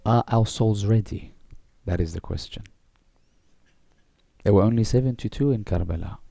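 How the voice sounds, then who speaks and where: A man's voice: fairly low pitch, normal speed, creaky, dark tone. A man preaching a sermon, telling a story in short, repeated phrases. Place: mosque hall.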